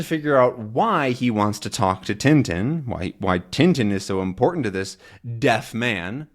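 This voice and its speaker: Guy teaching english off a comic, lively ups and downs, slow patient explaining. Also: on the low side. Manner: explains words slowly, many fillers and restarts. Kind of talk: casual teaching narration.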